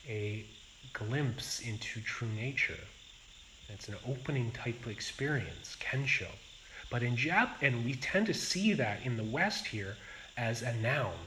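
A man as a Zen teacher giving a dharma talk, speaking in a slow and reflective way with pauses. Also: medium pitch, sharp tone, slight background noise, poor audio.

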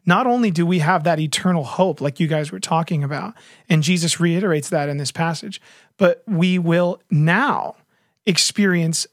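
A man's voice: high voice, dry recording, clean studio sound. A man talking earnestly in a casual faith discussion, retelling a story with lots of fillers and restarts.

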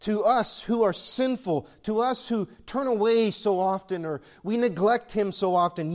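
A man's voice: high-pitched, a little mellow. A man preaching a sermon in a conversational style that swells into emphatic peaks. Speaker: pastor.

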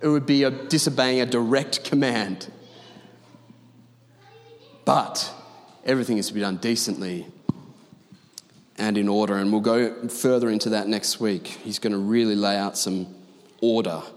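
A man's voice: fairly low pitch, steady tone, measured pace, long pauses. A man preaching a sermon as pastor, talking emphatically and conversationally with asides to his congregation. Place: large church auditorium. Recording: long reverb of a large hall.

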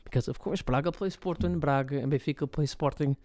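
This male soccer podcast host, voice a little high and pace fast, rants animatedly as a fan on his casual solo show. Expect lots of swearing, fillers and restarts, captured in clean studio sound without echo.

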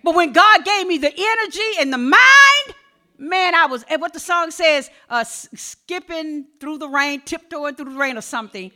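A middle-aged woman pastor, preaching a sermon that moves between quiet storytelling and shouted exhortation. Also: sits high, animated, moderate pace.

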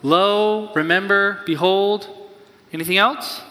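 A man preaching a sermon as pastor, energetic and playful, sometimes acting out excited voices. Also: high-pitched, slow pace, big-room sound.

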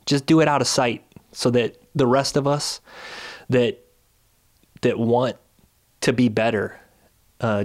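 A man hosting his own video series from his couch, delivering a fiery, indignant rant full of hammering rhetorical questions. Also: mid-range voice. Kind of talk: angry ranting commentary. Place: at home on a couch.

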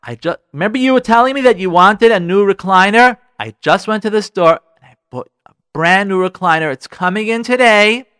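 A man's voice: high voice, fairly quick, fairly bright tone, smooth, voice pushed up. A man doing an eager husband boasting of a surprise.

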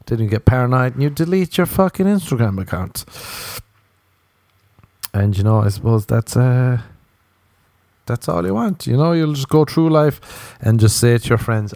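An Irish man riffs through a solo podcast monologue, swearing freely and hopping between tangents. His voice sits at an ordinary male pitch. It is recorded dry and close, with no room sound. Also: animated, measured pace, gravelly, warm tone, no room sound. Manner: profane, rambling, tangent-hopping. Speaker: podcast host. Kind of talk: rambling comedic monologue.

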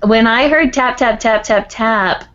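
A woman hosting an improv comedy show, loud and profane and laughing often. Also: fairly high pitch, unhurried, highs cut off. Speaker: podcast host running improv games. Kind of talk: casual comedy chat and improv.

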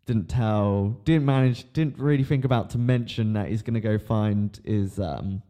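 A man's voice: lowish voice, moderate pace, warm tone. A man hosting a podcast in casual chat, rambling with lots of ums, laughing and swearing as he goes. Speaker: podcast host.

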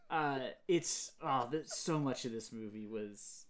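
A man hosting a podcast, casually retelling movie scenes in an animated way and quoting lines. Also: mid-range voice, slow pace, a little hiss or hum. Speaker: podcast host. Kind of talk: casual chat.

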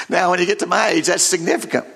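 High, bright-voiced older preacher. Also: male voice, creaky, slight background noise. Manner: emphatic, repeats words while building to a point; reads scripture aloud with rising intensity. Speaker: pastor. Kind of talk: sermon.

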